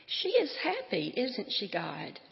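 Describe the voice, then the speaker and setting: A woman reading aloud and voicing a gentle, curious unborn baby girl who asks soft questions, in a dull, echoey hall recording. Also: a little high, sing-song, unhurried, gravelly, pitched above the performer's own voice, heavily acted. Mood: wondering. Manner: soft, wondering, childlike questions.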